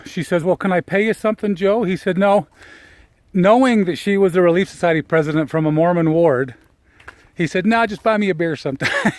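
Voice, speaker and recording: A middle-aged man telling a personal story outdoors while walking, reflective and emotional, halting with fillers and restarts. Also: high-pitched, no echo. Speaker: personal development speaker.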